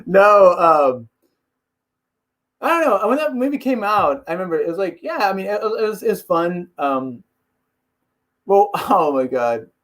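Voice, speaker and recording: Rambling, laughing man with raised pitch. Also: sing-song, a little slow, pauses often, fairly bright tone. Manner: rambling, laughs often, slips into mock impressions. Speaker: MMA video host. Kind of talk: casual rambling chat.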